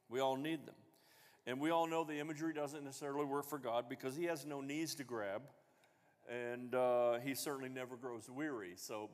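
A man's voice: fairly high pitch, big-room sound. A man preaching a sermon as pastor, talking conversationally and asking the congregation questions. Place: church sanctuary.

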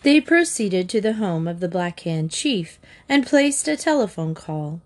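A woman narrating a children's storybook aloud in a measured, expressive way. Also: mid-range voice. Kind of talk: audiobook narration.

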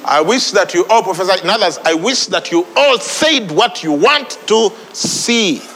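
A man's voice: high voice, expressive, normal speed, sharp tone, long reverb tail, faint music behind, rough recording. A man preaching a sermon, repeating phrases for emphasis. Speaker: pastor.

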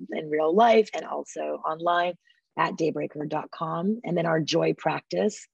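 A woman guest speaking on a podcast interview. She talks with enthusiasm and acts out little quotes in a lively way. Her voice sits a bit low and comes through a dull, dry remote line. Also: gravelly, slightly rough, dry recording. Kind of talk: casual interview talk.

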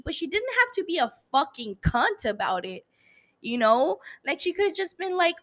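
Tipsy podcast host, a woman with English as her second language, high voice, profane animated rants. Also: normal speed. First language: not English. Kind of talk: casual chat.

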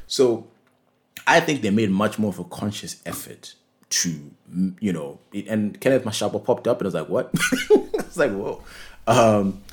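A man co-hosting a podcast in casual chat, rambling and repeating words as he restarts his thoughts. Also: on the low side. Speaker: podcast co-host.

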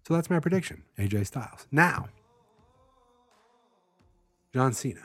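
A man's voice: mid-range voice, lively intonation, a little slow, fairly bright tone, dry recording, soft background music. A man hosting a wrestling show, giving casual, rambling, jokey predictions.

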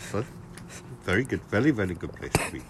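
A man's voice: on the low side, very animated, fast talker, background noise. A man putting on a cheerful, eager man with an Indian accent and a chirpy, repetitive, sing-song manner. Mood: rambling. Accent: Indian, put on.

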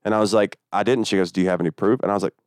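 A man's voice: lowish voice, fairly even intonation, rapid-fire, a little mellow, no echo, clean studio sound. A man telling a long, profane story in a casual podcast chat.

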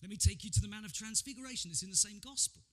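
A man preaching a sermon as pastor, telling Bible stories with animated energy and frequent stammered repeats. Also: high-pitched, very fast.

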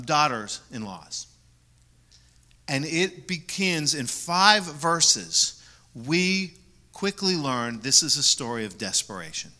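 A man preaching a sermon as pastor, repeating key words for emphasis and moving between loud stresses and soft asides. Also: fairly high pitch.

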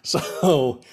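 This young man hosts a laid-back podcast and has a very high yet darkish voice. He tells meandering stories as a sort of rant, leaning on the word "like" and chuckling at his own humor.

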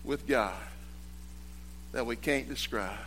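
A man preaching a sermon, moving between loud, emphatic exhortation and hushed, quiet storytelling. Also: mid-range voice, slow, a little hiss or hum.

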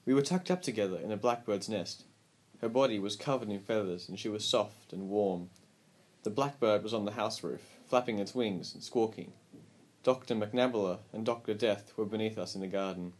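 A man reading a story aloud as an audiobook narrator, with calm, measured storytelling. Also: fairly low pitch.

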